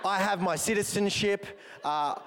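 A man's voice: high voice, normal speed, a crowd in the background, background noise. A male pastor with a country Victorian Australian accent, giving a chatty, joking sermon full of rambling asides. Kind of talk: humorous sermon. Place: church auditorium. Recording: long echo of a large hall.

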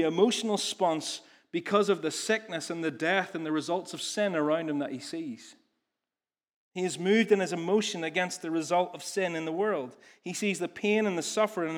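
A male preacher with a slightly high voice gives a sermon. He talks in an earnest, animated way, stops to restart his phrases, and shifts from hushed to emphatic.

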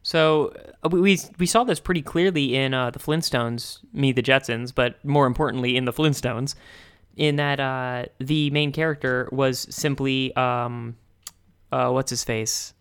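A man's voice: mid-range voice, a little slow, a bit bright, clean tone. A man hosting a podcast in casual chat, enthusiastic and laughing often, with rambling explanations. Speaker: podcast host.

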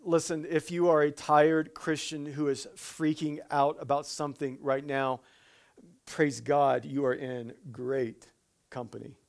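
A man preaching a sermon who breaks into humorous asides, stumbles over his words and restarts, and turns slow and quiet for solemn points. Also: on the high side, little pitch movement, gravelly.

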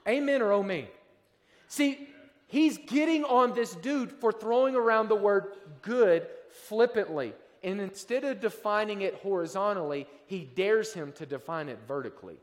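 A male pastor from the American South preaching a sermon in a conversational way, moving between quiet asides and loud, emphatic peaks, in a church sanctuary. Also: high voice, lively intonation, moderate pace. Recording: long reverb of a large hall.

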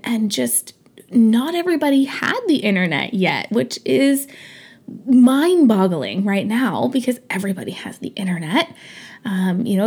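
A woman's voice: medium pitch, darkish tone. A woman in her thirties hosting a podcast, talking in a chatty, earnest, motivational way with plenty of fillers and restarts. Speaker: podcast host. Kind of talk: casual motivational monologue.

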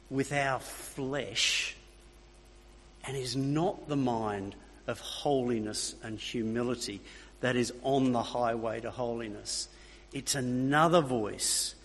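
A man's voice: mid-range voice, slow, long pauses, a bit bright, slight background noise. A man preaching a sermon, emphatic, repeating key phrases and checking in with his listeners. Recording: long reverb of a hall.

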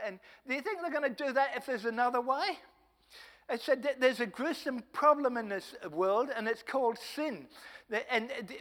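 An older male evangelist preaching from the front of a church hall, his high, bright voice ringing out with a long reverb. He tells testimony stories packed with quoted dialogue, often restarting a sentence before pushing on. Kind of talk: testimony sermon.

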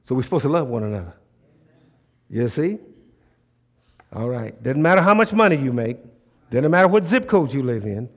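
A man preaching a sermon, calling out to the congregation and swinging between hushed asides and loud bursts. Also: mid-range voice, big pitch swings, moderate pace, pauses often.

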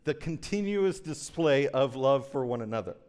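A man in his thirties preaching a sermon as pastor, moving between slow, soft emphasis and quick, chatty storytelling with frequent asides to the congregation. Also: mid-range voice, lively intonation. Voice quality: conversational with frequent "right?" asides.

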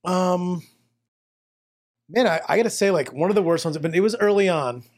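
A man hosting a casual chat, relaxed and quick to laugh, telling anecdotes with asides. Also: high-pitched.

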